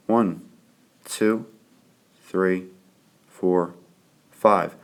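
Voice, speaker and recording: A man teaching a lesson, explaining poetic meter and counting out the beats slowly and clearly. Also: sits low, animated. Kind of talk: classroom lesson on poetry.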